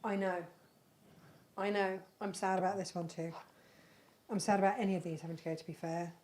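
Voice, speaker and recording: Hosting a live crafting stream, this woman rambles affectionately about handmade bags she has for sale, keeping things casual and chatty. Her medium-pitched voice is brisk and slightly mellow, with fairly even intonation, and there's a faint hiss or hum in the recording.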